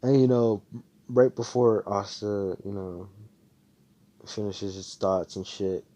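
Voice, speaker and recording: A man's voice: fairly low pitch, steady tone, takes it slowly, dark tone. A young man casually retelling a fan story, rambling, swearing and correcting himself as he goes. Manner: rambling, profane, self-correcting.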